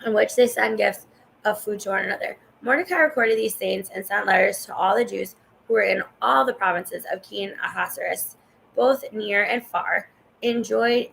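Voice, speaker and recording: Woman reading scripture with a gravelly edge. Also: mid-range voice, fairly bright tone, a little hiss or hum, low-quality recording. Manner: stumbles over names, chatty asides to the viewer. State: coughing and yawning. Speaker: Bible reader. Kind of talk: casual scripture reading aloud.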